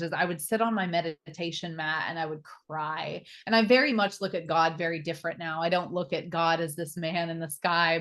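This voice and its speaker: Lower-voiced woman telling a candid story. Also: fairly bright tone. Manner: open, emotional storytelling with frequent fillers and swearing. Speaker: podcast guest. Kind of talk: candid personal interview.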